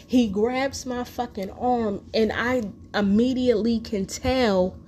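A woman's voice: a little high, steady tone, slow, a little mellow, slight background noise. A woman telling a personal story in a casual, profane monologue full of fillers.

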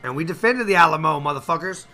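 A man's voice: a little high, animated, quick pace, pushed and bright, soft background music. A man voicing a cocky Texan cowboy game show contestant in a comedy podcast bit, with a put-on drawl. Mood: boastful. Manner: brash, cocky, playful drawl.

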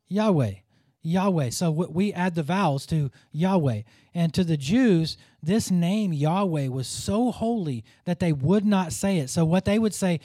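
A man's voice: on the high side, warm tone, no room sound, clean studio sound. A man giving a conversational Bible teaching, earnest and informal, often restarting his sentences as he works through his thoughts aloud.

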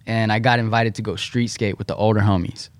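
A young man tells a skating story in a laid-back, slangy way. His voice sits on the low side, and the close mic makes it sound dry and near. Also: fairly even intonation, fairly quick, no room sound. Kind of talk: casual chat.

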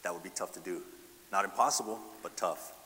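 A man's voice: low-pitched, fairly quick, bright, forceful tone, big-room sound. A man preaching a sermon, asking the congregation rhetorical questions and often adding "right?". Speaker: pastor.

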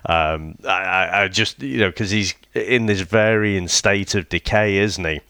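A man's voice: sits low, sharp tone, clear, resonant tone, dry recording, studio quality. A man co-hosting a casual film review chat, enthusiastic and often restarting his sentences. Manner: enthusiastic, halting with frequent restarts. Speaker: podcast co-host.

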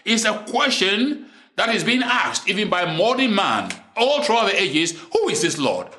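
A man preaching a sermon in English, which is not his first language. He is deliberate and repeats key lines for emphasis. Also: high-pitched, sing-song, sharp tone.

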